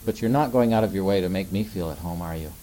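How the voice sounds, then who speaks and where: Mellow-voiced man preaching a gentle sermon. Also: deep voice, fast, rough recording. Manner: gentle, conversational, asks rhetorical questions.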